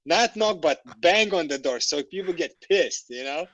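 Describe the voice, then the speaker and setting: A man, a podcast guest, telling stories in a casual, animated way, laughing and swearing freely. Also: fairly high pitch, moderate pace, lo-fi sound. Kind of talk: casual storytelling. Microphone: podcast microphone.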